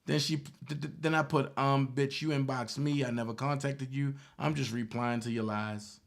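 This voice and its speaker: A man's voice: mid-range voice, steady tone, moderate pace, vocal fry. Indignant man reading out text messages. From Baltimore, Maryland. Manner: indignant, mocking, emphatic repetition. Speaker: online commentator.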